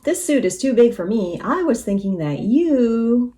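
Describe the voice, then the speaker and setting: A cheerful, scheming storybook cow, as a woman reading aloud plays her, eager and sure of herself. Her voice is high and rises and falls with great energy. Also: big pitch swings, measured pace, mellow. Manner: eager, confident. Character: cheerful, scheming female cow full of ideas.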